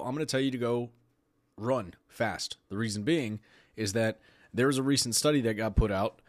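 A man's voice: on the low side, no room sound, clean studio sound. A man hosting a podcast, talking casually and sarcastically, often laughing while he reads aloud. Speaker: podcast host.

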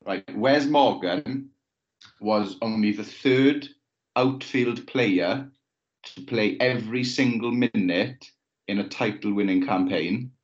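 A man co-hosting a podcast, talking in a measured way and building up trivia with pauses and ums. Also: lowish voice, lo-fi sound. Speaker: podcast co-host. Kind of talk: casual podcast banter.

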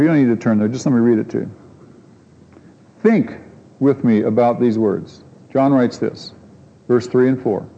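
A man preaches a sermon in a mellow, dark voice, earnest and emphatic, turning often to rhetorical questions. The sound is muffled and lo-fi, carried by a long reverb from a large hall. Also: mid-range voice.

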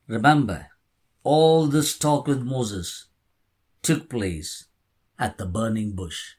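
Slow, earnest preacher. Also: male voice, medium pitch, a little mellow. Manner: earnest, emphatic, repeats key words. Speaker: pastor. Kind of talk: sermon.

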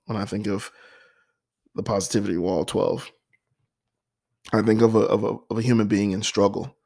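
Earnest man with a lowish voice. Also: darkish tone. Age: adult with a nine-year-old son. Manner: earnest, heartfelt, repeats himself. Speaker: podcast host. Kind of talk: personal motivational monologue.

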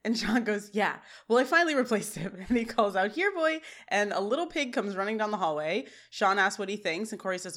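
A woman's voice: mid-range voice, expressive, fairly bright tone. Woman podcast host, recaps episodes scene by scene, laughs a lot, chatty. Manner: giggly, retells scenes with quick quoted lines. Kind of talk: casual chat and scene recap.

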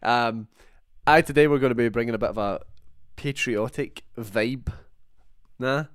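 A man's voice: medium pitch, unhurried, dry recording, clean studio sound. A Scottish man hosting a podcast, chatting casually about film, laughing often and acting out the people he quotes. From Scotland. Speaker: podcast host. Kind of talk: casual chat.

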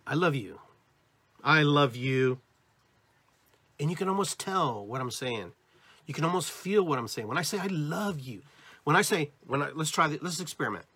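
A man with an American accent hosting a podcast, giving an animated spiritual talk to his listeners. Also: medium pitch, breathy edge, no room sound. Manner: animated, demonstrating inflections. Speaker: podcast host.

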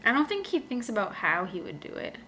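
A woman co-hosting a casual podcast about a book, chatty and quick to laugh. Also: a little high, slight background noise. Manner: giggly, animated, reads passages aloud. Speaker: podcast co-host. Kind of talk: casual book discussion chat.

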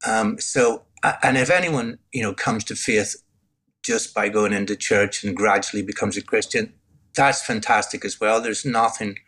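Here a rather low, sharp, slightly rough voice belongs to an older Northern Irish man talking at normal speed. Appearing as an interview guest, he tells his personal testimony earnestly and reflectively, frequently starting over.

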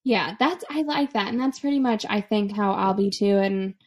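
A woman's voice: mid-range voice, moderate pace. A young woman co-hosting a casual podcast about parenting, chatting and laughing easily. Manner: relaxed, chatty, laughs often. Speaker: podcast co-host, mother. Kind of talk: casual chat.

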